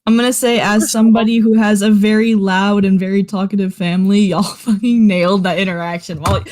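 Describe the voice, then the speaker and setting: A young woman chatting as a player in a tabletop game, excitable and laughing as she exclaims. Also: mid-range voice, a little fast. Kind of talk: casual chat at a game table.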